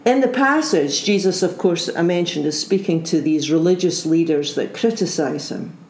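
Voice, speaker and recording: A woman's voice: fairly low pitch, moderate pace, darkish tone. A woman preacher giving an earnest sermon, full of rhetorical questions and repeated phrases. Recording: roomy echo.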